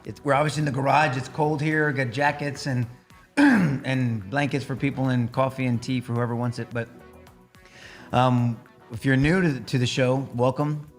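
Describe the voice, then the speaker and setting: A man's voice: medium pitch, fairly even intonation, normal speed, soft background music. A man hosting a faith discussion podcast, earnest and emphatic, recorded in a home garage. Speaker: podcast host. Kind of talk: casual podcast talk.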